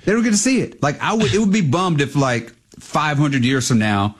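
A man's voice: on the high side, normal speed, husky. A man co-hosting a radio show, rambling jokily and filling his talk with "like.". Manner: rambling, filler-heavy, jokey. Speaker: radio co-host. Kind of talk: casual banter. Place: radio studio.

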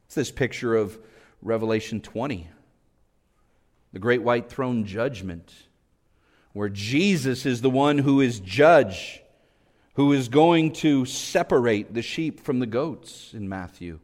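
A man preaching a sermon fervently, rising to emphatic peaks and dropping to hushed low passages. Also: expressive, slow. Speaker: pastor. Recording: long hall reverb.

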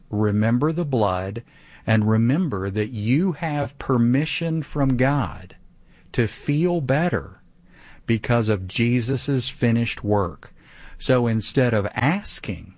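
A man's voice: medium pitch, a little mellow, no echo. Earnest man preaching in a dry studio. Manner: earnest, emphatic, repeats phrases for stress. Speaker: radio Bible teacher answering a caller. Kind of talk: conversational preaching.

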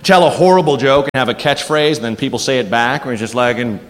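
A man doing a stand-up comedy set on a club stage, animated and quick to slip into silly voices. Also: medium pitch. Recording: live club recording with hall echo and noise.

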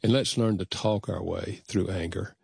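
An older man, a guest author, telling personal stories in an earnest, measured way and acting out remembered conversations. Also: low voice, steady tone, creaky, a little mellow, slightly rough, no room sound, clean studio sound. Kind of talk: reflective storytelling in conversation.

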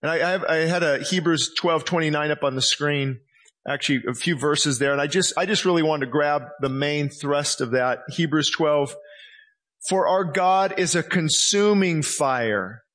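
Male pastor, high voice, passionate sermon, dramatized quotes, church setting. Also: steady tone, moderate pace, fairly bright tone. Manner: impassioned, acts out quoted voices.

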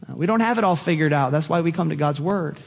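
High-voiced preaching pastor in a reverberant hall. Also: male voice, fast talker, vocal fry. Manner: animated preaching, rising to excited peaks. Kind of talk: sermon.

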